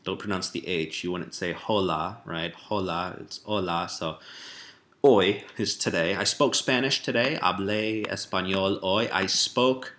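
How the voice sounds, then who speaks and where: A man giving a relaxed spoken language lesson, explaining step by step with fillers and rephrasing. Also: sits low, a little hiss or hum. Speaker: language teacher.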